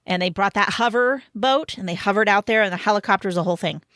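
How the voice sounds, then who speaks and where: Animated woman telling stories, dry sound. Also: medium pitch, quick pace, no room sound. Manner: animated storyteller, laughs mid-sentence. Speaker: podcast co-host. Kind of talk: casual chat.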